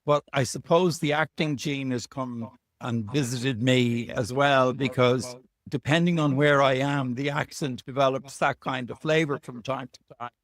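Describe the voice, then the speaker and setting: A man's voice: medium pitch, fairly even intonation, measured pace, fairly bright tone, no room sound. Irish man, author guest, chatty, anecdotal, dry close sound. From Ireland. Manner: chatty, anecdotal, self-deprecating. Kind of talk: relaxed storytelling interview. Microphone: video call.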